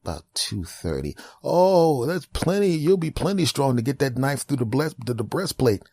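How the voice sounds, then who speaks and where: Man playing a breezy, high-pitched quack doctor, blithely confident, warm tone. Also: moderate pace, no room sound. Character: reckless male phone doctor, breezy and absurd.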